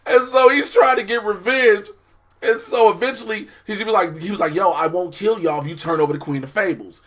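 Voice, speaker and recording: A man co-hosting a casual comedy review show, chiming in with animated, laughing banter. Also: sits high, brisk. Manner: animated, laughing banter with squealed acted lines. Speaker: show co-host. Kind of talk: casual episode review chat.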